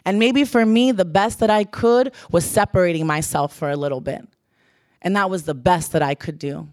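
A woman's voice: lowish voice, moderate pace, a little mellow, no echo, clean studio sound. A young adult woman giving an earnest sermon, repeating phrases for emphasis. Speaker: church speaker.

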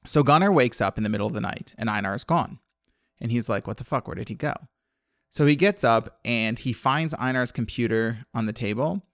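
A man in a casual chat, retelling a story with lively delivery and quick shifts into the characters' voices. His voice sits at a medium pitch and is recorded dry and close, with no room sound. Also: no echo. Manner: animated storyteller, acts out characters' lines. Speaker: podcast co-host recapping a film.

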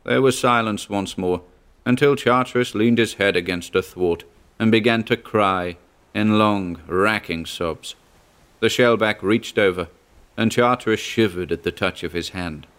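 A man narrating a story in a measured, even reading. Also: on the low side, clear, resonant tone. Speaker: audiobook narrator. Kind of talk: scripted narration.

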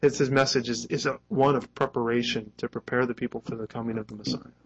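A man's voice: mid-range voice, fairly even intonation, quick pace, a bit bright, husky, dull audio. A man preaching a sermon in a conversational way, acting out the quoted lines and chuckling now and then. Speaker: pastor.

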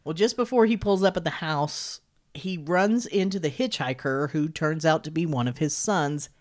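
A woman's voice: sits low, normal speed. A woman co-hosting a podcast, casually recapping a horror film with lots of swearing and laughter. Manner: lively, swearing, laughing often. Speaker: podcast co-host.

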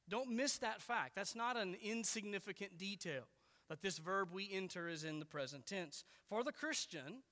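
A man's voice: high voice, pushed and bright, long reverb tail. A man preaching an expository sermon as pastor, earnest and emphatic, repeating key words for weight.

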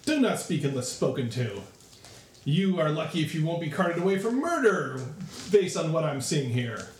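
A woman's voice: deep voice, sing-song, moderate pace, echoey room, recorded from a distance, slight background noise. A man voicing a stern female captain of the town guard who barks commands. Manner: barking commands.

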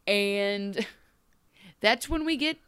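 A woman's voice: medium pitch, drawn-out words, smooth, dry recording. A woman co-hosting a podcast, chatting casually about a TV episode and acting out the characters' lines as she tells it. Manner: animated, acts out characters' lines mid-story. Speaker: podcast co-host. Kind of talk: casual chat recapping a TV episode.

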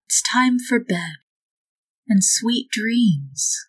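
Woman doing a soft motherly lady, slow and coaxing, putting a kid to bed. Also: a little high, lively intonation, pitched above the performer's own voice, full character voice. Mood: soothing. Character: motherly woman tucking a child in, soft and soothing.

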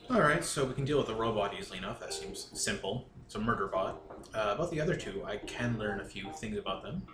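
A man's voice: lowish voice, animated, fast, reverberant, music in the background. A man playing a tabletop game, talking through plans casually with some hesitation. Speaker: player.

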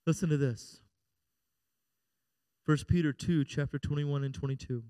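A middle-aged man, a pastor preaching a sermon, calling out "Amen?" and moving between loud and hushed passages. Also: a little high, steady tone, moderate pace, pauses often, clean tone, no room sound. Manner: preaching with call-and-response "Amen?" and swings between loud and quiet.

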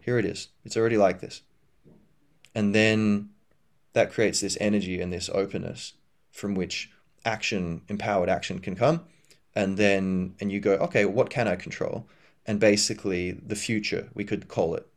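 In a loose, reflective solo talk, a podcast host works through his ideas, rambling with plenty of fillers and restarted sentences. He voices imagined inner thoughts in a higher pitch.

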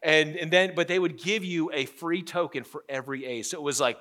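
Middle-aged pastor guy, pretty high voice, lively sermon, keeps repeating words as he restarts. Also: fairly quick, noisy background.

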